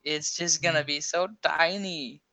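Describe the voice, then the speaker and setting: An excitable man co-hosting a casual chat, laughing and stumbling over his words. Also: a little high, measured pace. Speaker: co-host.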